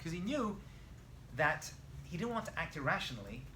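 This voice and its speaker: Animated man teaching a class. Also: a little high, moderate pace, a little hiss or hum. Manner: animated storytelling, quizzing students. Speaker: rabbi and teacher. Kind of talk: lively classroom Bible lesson. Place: classroom with students.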